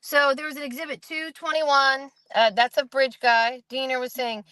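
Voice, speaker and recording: A woman's voice: high voice, moderate pace, smooth, dry recording, poor audio. A woman in casual chat, recapping courtroom testimony in a rambling way and acting out the quoted lines. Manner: rambling, quotes witnesses in animated voices. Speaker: host recapping a trial.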